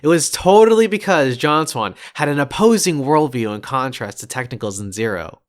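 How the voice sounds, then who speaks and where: A man's voice: mid-range voice, lively intonation, normal speed. A man hosting a podcast in casual chat, mocking and laughing often. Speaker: podcast host.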